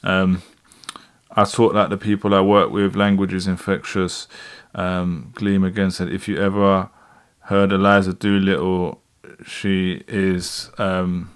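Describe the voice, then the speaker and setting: Laid-back London man, low voice. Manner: rambling, laid-back, laughs often, many fillers and restarts. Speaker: rapper and livestream host. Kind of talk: casual livestream chat reading comments.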